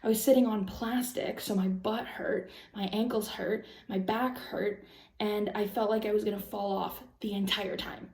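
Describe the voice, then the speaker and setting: A woman's voice: mid-range voice, little pitch movement, moderate pace, creaky, darkish tone, roomy sound. A young woman vlogger telling a long personal story in a rambling, casual way with many fillers. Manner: rambling, lots of "like" and "um", anxious retelling.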